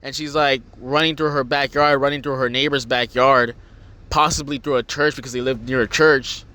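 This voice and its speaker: A man's voice: medium pitch, steady tone, moderate pace, bright, forceful tone, a little hiss or hum. A young man hosting a podcast, telling a long story in a rambling way and swearing often. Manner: rambling, swearing, acts out voices. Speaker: podcast host. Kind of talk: casual storytelling.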